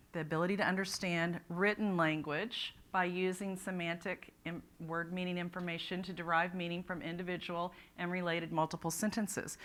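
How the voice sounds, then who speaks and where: A woman's voice: fairly low pitch, fairly bright tone. A woman presenting a literacy talk at a conference, explaining ideas step by step with frequent restarts. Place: conference room.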